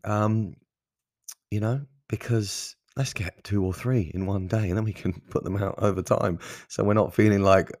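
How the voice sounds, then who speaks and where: A man hosts his own podcast in a casual solo monologue, speaking off the cuff, rambling and self-deprecating, with casual swearing. His voice is lowish, steady and darkish at a normal pace, recorded dry and at studio quality.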